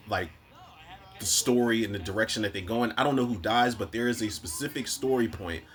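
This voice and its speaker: A man with a Philadelphia accent talks through a movie review in a loose, rambling way, swearing and dropping slang. His pitch sits in an ordinary middle range. He jumps between thoughts and acts out lines from the films. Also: a bit bright. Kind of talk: casual movie review rant.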